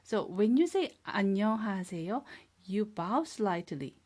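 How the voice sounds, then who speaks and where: A woman teaching a beginner language lesson, speaking slowly and clearly, repeating each word and praising the learners. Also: medium pitch, very animated, a little mellow. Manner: patient, drills words twice and praises learners. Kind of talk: slow, clear classroom instruction.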